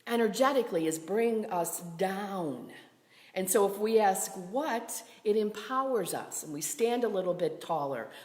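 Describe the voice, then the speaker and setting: A woman minister giving a gentle, meditative sermon to a camera in a sanctuary, with some phrases dropping to a whisper. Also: medium pitch, roomy sound, long reverb tail. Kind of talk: livestreamed sermon. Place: synagogue sanctuary. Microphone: camera from a distance.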